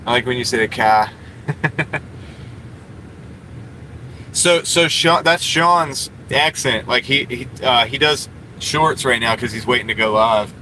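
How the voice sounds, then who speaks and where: A man's voice: mid-range voice, takes it slowly, pauses often, pushed and bright, slight background noise, rough recording. A man livestreaming from inside a parked car, chatting casually with his viewers and rambling with lots of fillers. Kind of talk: casual live stream chat reading comments.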